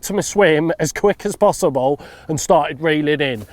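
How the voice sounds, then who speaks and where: A lively, animated man spins a funny story from the bank, acting out what people said. His voice sits a touch higher than most men's. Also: moderate pace. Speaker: carp fishing consultant. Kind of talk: telling a funny anecdote.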